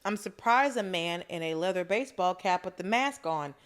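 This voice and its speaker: A woman's voice: on the low side, lively intonation. A young adult woman co-hosting a podcast, chiming in emphatically while recapping a TV drama. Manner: emphatic, quick interjections. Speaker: podcast co-host and producer. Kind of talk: casual chat recapping a TV drama.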